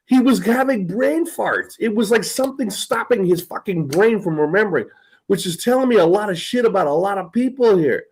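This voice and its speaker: This American host's podcast talk is casual, rambling, and full of swearing and frequent laughter. He has a high, expressive voice with a breathy edge and brisk delivery, though the audio is poor.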